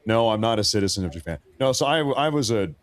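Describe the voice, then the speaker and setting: A man's voice: lowish voice, animated, fast talker. An American man hosting a livestream, giving casual news commentary in a blunt, crude, joking way. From United States. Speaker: livestream host.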